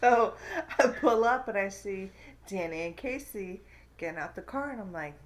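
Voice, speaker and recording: A woman's voice: mid-range voice, moderate pace. A woman in casual chat, playfully recounting a prank from her side. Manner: lively, playful storytelling.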